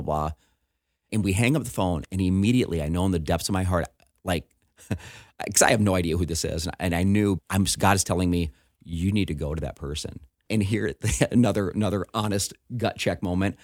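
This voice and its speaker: Animated middle-aged pastor telling a story. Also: male voice, sits low, no room sound, studio quality. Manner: animated storyteller, acting out quoted voices, laughing often. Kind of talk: personal testimony in casual conversation.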